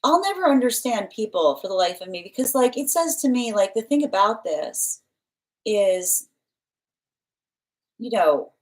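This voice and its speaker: On a rough recording, a tarot reader with a mid-range, sing-song voice takes her time, leaving long pauses. Affectionate and talkative, she hosts a live stream, welcoming viewers by name, reading comments out loud, and filling her card readings with rambling fillers.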